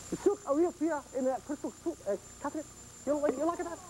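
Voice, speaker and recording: A man's voice: extremely high pitch, fairly quick, darkish tone, a little hiss or hum, rough recording. A man putting on a Polish-accented bumbling magician. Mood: showy. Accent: put-on Polish. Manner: broken English, chuckling, showy. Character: bumbling foreign magician man, broken English. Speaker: TV horror host doing magic. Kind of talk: 1970s TV horror host performance.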